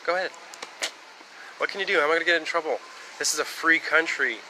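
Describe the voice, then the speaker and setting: A man's voice: on the high side, fast talker, background noise. A man from the United States talking on a live stream in a rambling, casual monologue that jumps between topics and swears freely.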